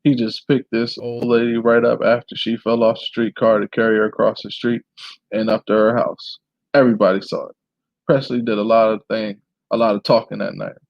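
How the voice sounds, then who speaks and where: A man reading a memoir aloud in a plain, steady way, now and then clearing his throat. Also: on the low side, fairly quick, dry recording, highs cut off. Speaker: reader.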